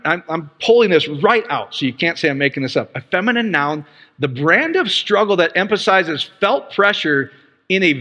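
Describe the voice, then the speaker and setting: Bright animated preacher man, reverberant hall. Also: sits high. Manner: animated, laughing often, explaining scripture word by word. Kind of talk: sermon.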